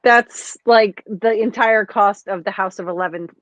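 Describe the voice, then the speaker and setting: A woman's voice: medium pitch, measured pace, fairly bright tone, no room sound. A woman co-hosting a podcast, ranting bluntly in casual chat and swearing freely. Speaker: podcast co-host. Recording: dull dry lo-fi sound.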